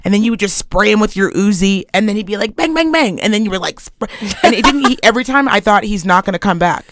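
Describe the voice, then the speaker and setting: A woman's voice: medium pitch, fast talker, background noise. A woman co-hosting a podcast, telling stories in a casual, chatty way and swearing freely. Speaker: podcast co-host. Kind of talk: casual chat.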